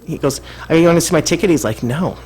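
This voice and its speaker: A woman with a low-set voice spins a casual story on a podcast. She talks bluntly and swears freely. She jumps into loud, animated retellings of what everyone said. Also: quick pace, slight background noise, low-quality recording. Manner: animated, blunt and profane, acts out quotes loudly. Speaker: podcast co-host.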